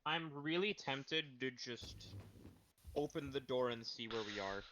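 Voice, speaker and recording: A male player in a tabletop game, deliberate and thinking out loud about his choices. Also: mid-range voice, animated, crowd noise. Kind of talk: casual tabletop play. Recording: muffled noisy mic.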